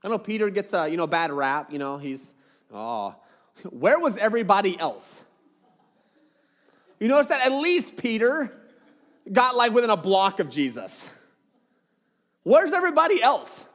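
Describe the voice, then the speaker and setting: A male pastor preaches in a relaxed, joking way, breaking into dramatic retellings. His voice sits high and swings widely. Long reverb from a church hall trails each phrase. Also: moderate pace, pauses often. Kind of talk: sermon.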